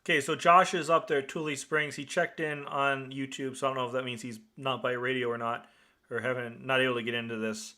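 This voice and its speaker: Bright-voiced upstate New York net host. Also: male voice, medium pitch, flat delivery, a little fast. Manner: chatty and rambling, many fillers and restarts. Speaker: net control host of a radio net. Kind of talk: casual on-air radio net hosting.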